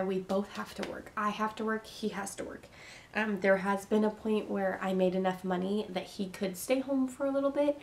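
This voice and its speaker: A woman's voice: mid-range voice, darkish tone. A young woman vlogging earnest, repetitive, reassuring advice to teen parents in a casual way. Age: young adult.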